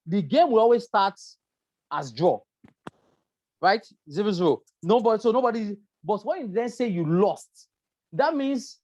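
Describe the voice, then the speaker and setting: A woman's voice: medium pitch, darkish tone, no room sound. A woman with a Nigerian English accent giving a workplace safety lecture, explaining step by step and checking in with her listeners. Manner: repetitive, explanatory, asks "right?" often. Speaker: safety trainer. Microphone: presentation with slides.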